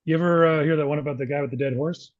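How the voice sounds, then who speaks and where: A man's voice: fairly high pitch, steady tone, very fast, dry recording, narrow, tinny audio. A man co-hosting a casual business talk show, reading points from notes and then asking his partner questions. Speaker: podcast co-host.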